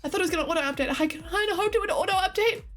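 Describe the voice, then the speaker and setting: A woman's voice: very high-pitched, rapid-fire, a bit bright, soft background music. An Australian woman streaming, chatting casually and giggling while she reads and answers her live chat. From Queensland, Australia.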